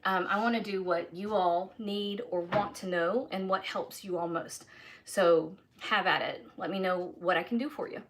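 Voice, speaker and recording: A woman's voice: mid-range voice, fairly even intonation, moderate pace, a little hiss or hum. A woman, chatting casually while she cooks and tastes food in her home kitchen during a live stream. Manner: chatty, folksy, talks while tasting food. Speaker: home cook hosting a live cooking stream.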